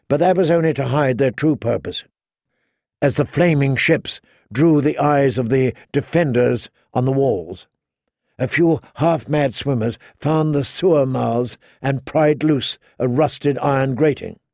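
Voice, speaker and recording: A man narrating a fantasy novel as an audiobook, with measured, even storytelling. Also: mid-range voice, no echo, studio quality. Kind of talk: scripted narration.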